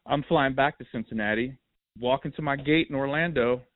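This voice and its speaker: A man hosting a podcast, telling stories in a lively, animated, casual way. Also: mid-range voice, a little fast, no echo. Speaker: podcast host. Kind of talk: casual storytelling chat. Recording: tinny phone line, dry.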